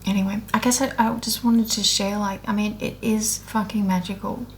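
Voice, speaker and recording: A woman's voice: mid-range voice, fairly even intonation, normal speed, slight background noise. A woman speaking in a candid, unscripted monologue, blunt and heavily profane, earnest and emotional as she rambles with restarts about her spiritual awakening.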